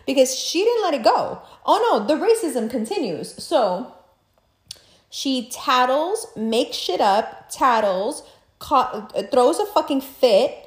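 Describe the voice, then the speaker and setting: Profane, ranting woman in an echoey room. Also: on the high side. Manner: profane, animated, mocking impressions. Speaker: podcast host. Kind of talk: casual ranting commentary.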